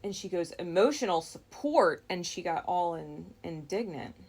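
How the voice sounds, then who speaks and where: Low, gravelly woman for a dream-story read: unhurried, reflective, halting. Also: fairly even intonation, a little mellow. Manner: slow, reflective, with frequent pauses and restarts. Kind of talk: recounting a dream.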